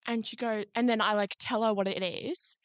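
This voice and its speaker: A young woman co-hosting a casual podcast tells stories in an animated, swearing way. Her voice sits a little high. The recording is close and dry, with no room sound. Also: normal speed, dry recording. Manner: animated storyteller, swears, acts out quotes. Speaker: podcast co-host. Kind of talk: casual chat. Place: podcast studio.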